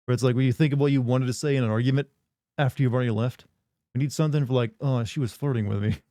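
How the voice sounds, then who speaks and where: Mellow-voiced man joking with his stream chat. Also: mid-range voice, fairly even intonation, very fast, no room sound, studio quality. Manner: joking, rambling banter with chat. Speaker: livestream host. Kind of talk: casual live-stream chat.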